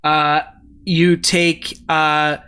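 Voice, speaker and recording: A man's voice: fairly high pitch, level tone, drawn-out words, pushed and bright, clear, resonant tone. A man running a tabletop game as game master, narrating combat in vivid description.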